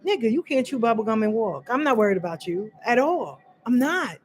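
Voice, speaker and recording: Speaking directly to viewers as y'all, a woman vlogger recounts something she lived through, unscripted, fiery and cursing freely, repeating herself for emphasis. Her fairly high voice moves briskly with lively intonation.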